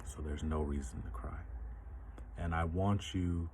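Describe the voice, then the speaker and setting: A man giving a reflective monologue in a measured way, posing rhetorical questions to the listener. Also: deep voice, fairly even intonation, darkish tone, slight background noise. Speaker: commentator.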